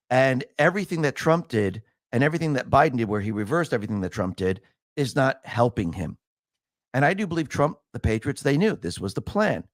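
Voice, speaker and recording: Emphatic man with a lively voice. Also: mid-range voice, dry recording. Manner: emphatic, rising to heated rhetorical questions. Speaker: political commentary streamer. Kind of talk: solo livestream monologue.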